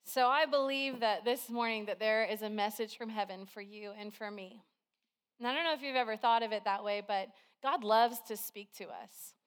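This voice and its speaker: A woman's voice: fairly high pitch, normal speed. A woman preaching a sermon to a congregation, telling everyday stories in a chatty, conversational way. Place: church service with a congregation.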